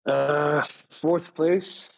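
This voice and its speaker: A man, a guest on a football podcast, giving his picks in a hesitant, halting way. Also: a little high, fairly even intonation, creaky, rough recording. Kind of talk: casual chat.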